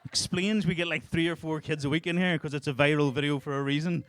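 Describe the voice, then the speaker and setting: A man's voice: on the high side, fairly even intonation, quick pace, fairly bright tone, a little hiss or hum. A man in his thirties with a strong Northern Irish accent, telling crude stories in a stand-up set on a club stage. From Northern Ireland. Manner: crude, storytelling, laughing through punchlines. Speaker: stand-up comedian.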